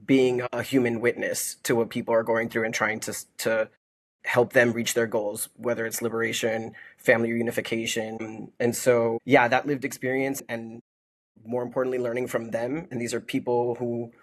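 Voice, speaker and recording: A man from Miami speaking as a lawyer on a panel, measured and earnest. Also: mid-range voice, flat delivery. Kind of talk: casual panel talk.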